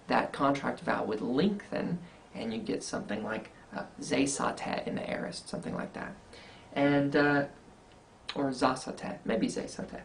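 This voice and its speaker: A man's voice: mid-range voice, vocal fry. A man teaching Greek grammar in a recorded slide lecture, explaining step by step and asking rhetorical questions, with a faint hiss behind him. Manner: explanatory, thinking aloud with fillers and rhetorical questions.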